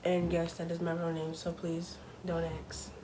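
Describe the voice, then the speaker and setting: A woman's voice: on the low side, completely flat delivery, normal speed, background noise. A young woman talking casually to her camera at home, chatty and full of fillers, openly nervous. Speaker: vlogger.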